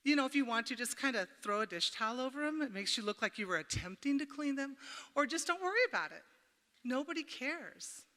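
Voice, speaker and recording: A middle-aged woman gives a folksy, chatty workshop talk at a women's church camp, in a high, brisk voice that's pushed and bright with lively intonation. She tells homey stories and jokes with the audience, recorded in an echoey camp meeting hall.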